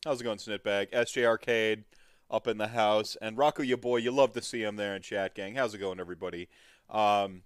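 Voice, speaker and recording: A podcast host with a low-ish, steady, clear and resonant voice talks briskly about his hobby in a rambling, friendly, upbeat way. He uses lots of filler words and laughs often; the recording is studio quality with no room sound.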